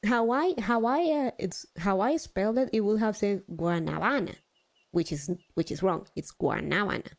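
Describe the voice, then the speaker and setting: A woman's voice: medium pitch, lively intonation, moderate pace, hardly any pauses, darkish tone. A young adult woman live streaming, chatting casually, swearing now and then and poking fun at herself. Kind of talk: casual chat while gaming.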